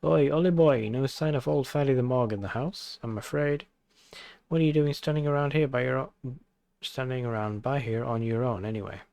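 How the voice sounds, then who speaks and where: Brash little Welsh fairy man, put on by a male streamer; slangy, bossy, gravelly edge. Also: mid-range voice, brisk, a little mellow, no room sound, close to an everyday voice. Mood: cheeky. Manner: chummy, slangy, scolding.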